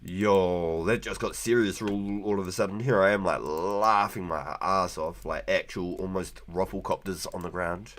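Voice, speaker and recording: A man's voice: low-pitched, fairly even intonation, normal speed, few pauses, fairly bright tone. A man live-streaming a game, chatting loosely with viewers, laughing often and swearing freely. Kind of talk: casual live gaming stream chat.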